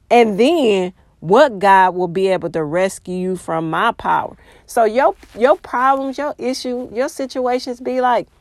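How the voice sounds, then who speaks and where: A woman's voice: fairly high pitch, a little mellow, no echo, clean studio sound. A woman giving devotional Bible teaching, reading scripture aloud and pressing points with rhetorical questions.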